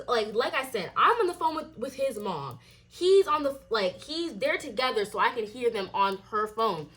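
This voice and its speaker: Animated young woman ranting a storytime. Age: young adult. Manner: animated, swearing, acts out quoted lines in a higher voice. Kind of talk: casual storytime rant.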